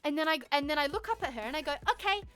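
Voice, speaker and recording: A young woman tells a story to her stream chat with a high, bright voice. She's animated and swears freely, laughing as she goes. Faint music plays behind her. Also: rapid-fire. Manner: animated, profanity-laced, laughs through the story.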